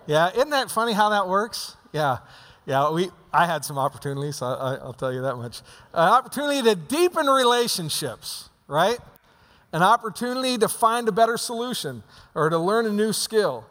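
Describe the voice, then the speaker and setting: A man preaching in a church sanctuary, his voice high and light. He talks to the congregation in a conversational way and often restarts his sentences. The sound carries a long reverb from the hall. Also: big pitch swings, moderate pace, a bit bright. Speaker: pastor. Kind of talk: sermon.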